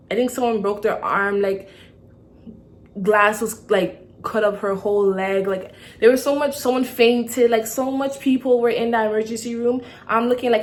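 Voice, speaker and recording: Young woman doing a story time vlog, lively and chatty, keeps going "okay?". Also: mid-range voice. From Toronto, Canada. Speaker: vlogger.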